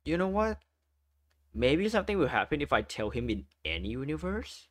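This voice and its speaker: A man's voice: on the high side, big pitch swings, normal speed. A man giving casual gameplay commentary as a channel host, joking and teasing playfully.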